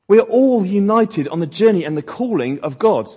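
Pastor preaching in an echoey hall. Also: male voice, high voice, animated, a little fast, hardly any pauses, a little mellow, breathy edge. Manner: conversational preaching with mocking quoted asides. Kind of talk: sermon. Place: church hall. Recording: echoey hall, dull lo-fi sound.

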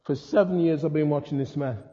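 An older man preaching a sermon, telling stories with humor and lively asides. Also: on the high side, brisk. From England. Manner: storytelling, humorous, animated asides. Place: church hall. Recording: muffled sound in a reverberant hall.

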